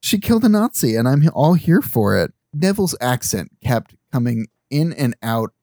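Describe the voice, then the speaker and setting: A man with a mid-range voice walks through a movie plot in a relaxed podcast chat, laughing easily and filling in details with casual fillers. The recording is dry and close. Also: medium pitch, moderate pace, dry recording. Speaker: podcast co-host.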